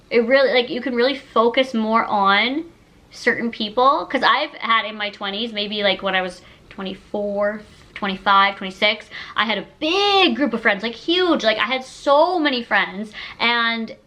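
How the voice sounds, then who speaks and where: Speaking fairly high with lively intonation and a sharp edge, this woman of about thirty keeps a measured pace in a rough recording. She's a YouTuber in a casual sit-down chat with the camera, gushing emotionally and leaning hard on "like."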